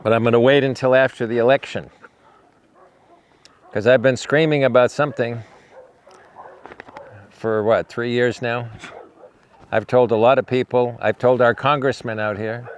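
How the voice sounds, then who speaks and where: An animal rescuer hosts a casual outdoor vlog at his sanctuary, speaking to the camera in a mid-range voice. When talking to viewers he rambles and repeats himself, and with his dogs he coos soft, repeated praise, dropping almost to murmurs.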